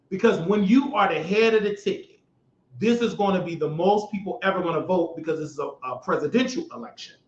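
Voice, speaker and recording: A man hosting his own show, giving loud, mocking political commentary that rises to shouts when he gets worked up. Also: high-pitched, reverberant, lo-fi sound. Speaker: show host.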